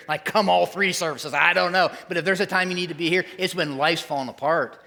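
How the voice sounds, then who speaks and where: Preaching from the pulpit, this middle-aged male pastor has a fairly high, sharp voice with vocal fry. His delivery is conversational and emphatic, with quick voices acted out along the way.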